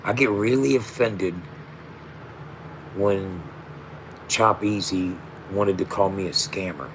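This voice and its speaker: A man's voice: low-pitched, slow pace, noisy background. A man in his fifties, a rapper and founder, speaking straight to camera in a heartfelt, emphatic monologue full of slang and repeated asides. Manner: emphatic, repetitive, street slang, emotional.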